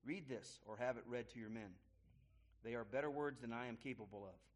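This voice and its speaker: A man's voice: mid-range voice, a little fast, natural voice. A man voicing a male general who gives firm, urgent orders to his officers.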